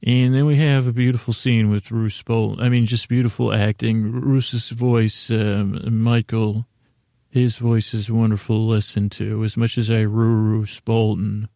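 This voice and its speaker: A man's voice: on the low side, level tone, a little slow, gravelly, warm tone, dry recording, clean studio sound. A man hosting a podcast, recapping an episode in a casual, rambling way from his notes, often breaking off and restarting. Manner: rambling, self-interrupting, reading from notes. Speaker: podcast host.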